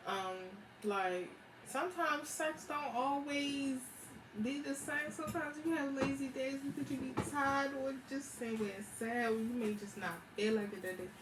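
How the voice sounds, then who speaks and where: A woman's voice: high-pitched, moderate pace. Slangy young woman telling a story. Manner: slangy, animated, laughs often. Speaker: vlogger. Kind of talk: casual storytime chat. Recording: echoey room with background noise.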